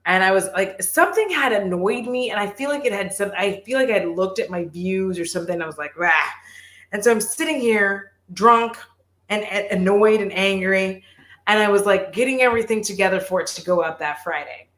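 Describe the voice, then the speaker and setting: A woman's voice: mid-range voice, a little fast, a bit bright. Chatty, swearing woman in an echoey room. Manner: profane, rambling storytelling with lots of "like". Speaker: beauty youtuber. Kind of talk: casual livestream chat.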